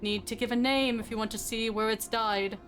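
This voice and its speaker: A woman voicing an eerie male name-keeper in a game, speaking in a halting sing-song. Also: on the high side, fairly even intonation, a bit bright, lightly acted.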